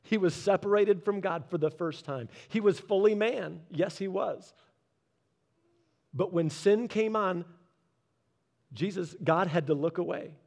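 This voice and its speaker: A pastor with a high-sitting, creaky voice preaches conversationally, slipping in humorous asides. For the solemn points, he turns quiet and slows down.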